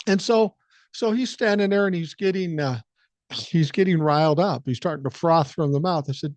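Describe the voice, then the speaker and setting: A man's voice: a little high, moderate pace, no echo. An older man with a Minnesotan accent hosting a solo podcast, telling a profane story and acting out the quotes. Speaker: podcast host. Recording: dry, slightly dull podcast mic.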